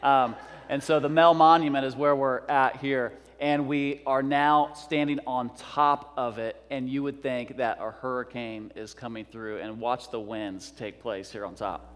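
A man's voice: medium pitch, steady tone, a little slow, fairly bright tone, big-room sound. A man preaching a sermon as pastor, urgent and exhorting, with joking asides.

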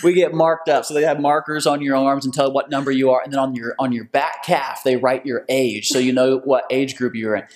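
A pastor giving an energetic, excited sermon. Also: male voice, medium pitch, a little fast, few pauses.

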